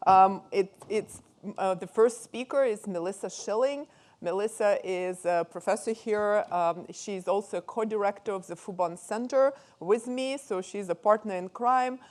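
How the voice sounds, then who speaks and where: Woman, Russian accent, conference host, halting speech full of fillers, mid pitch. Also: darkish tone. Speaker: conference host introducing speakers. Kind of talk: conference introduction.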